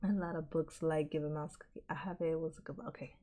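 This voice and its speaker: A woman's voice: low-pitched, level tone, fast talker, warm tone. A woman streamer reacting to a video, chatting casually and telling rambling stories.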